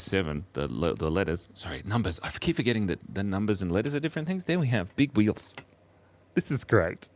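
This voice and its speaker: A young man on a casual live stream, drawing while chatting playfully, reading chat messages aloud and laughing often. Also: rumbling low. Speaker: livestream artist drawing for chat.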